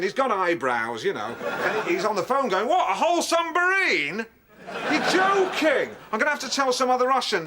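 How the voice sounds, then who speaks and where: A giddy, animated comic figure, played by a man, tears through a spy film scene by scene, jumping into little put-on voices. His voice sits very high. The played clip carries heavy, loud noise underneath. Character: excitable man gleefully retelling a spy film.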